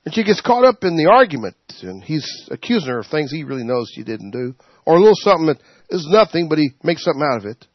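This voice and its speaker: Man preaching, husky voice, fairly high pitch, animated, dull dry recording. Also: fast, no echo. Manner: animated, laughs, acts out quotes. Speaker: Bible study teacher. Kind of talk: informal preaching. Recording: dull, muffled sound.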